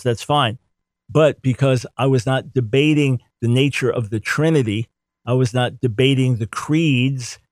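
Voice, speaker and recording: A man's voice: medium pitch, darkish tone, no room sound. A man giving an emphatic theology teaching talk, repeating words to drive points home. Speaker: Bible teacher.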